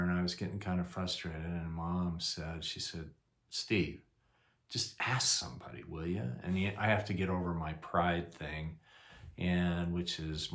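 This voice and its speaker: An older man casually telling a rambling, self-deprecating personal story, full of fillers. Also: sits low. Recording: echoey room.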